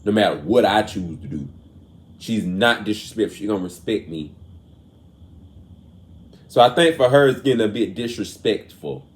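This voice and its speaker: Man as a chatty show host; heartfelt, emotional, goes loud then soft. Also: fairly low pitch, lively intonation, normal speed, long pauses. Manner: emotional and earnest, swings between raised and soft talk. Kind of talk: casual commentary on celebrity news.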